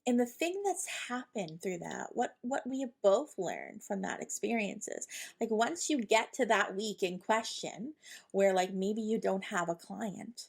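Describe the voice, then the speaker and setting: A woman talks in a loose, rambling way as the host of a spiritual podcast. She acts out her own inner thoughts as quotes. Her voice sits at a middle pitch with a gravelly edge. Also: lively intonation, a little slow. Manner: chatty and rambling, with many fillers and quoted inner dialogue. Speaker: podcast host, intuitive channeler. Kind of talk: casual spiritual monologue.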